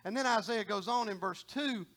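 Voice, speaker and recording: A man's voice: high voice, moderate pace, a bit bright. A middle-aged man preaching a sermon in a folksy, conversational way, often repeating and restarting phrases.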